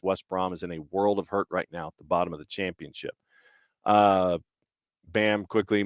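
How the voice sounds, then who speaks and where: A man with a lowish voice hosts a casual soccer news roundup. He reads headlines and slips in quick offhand asides, with plenty of fillers. The sound is dry and close. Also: dry recording. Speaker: podcast host.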